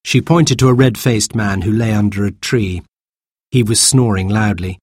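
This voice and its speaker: A man reading a children's storybook aloud in an expressive way. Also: fairly low pitch, normal speed, breathy edge, no room sound, studio quality. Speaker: narrator.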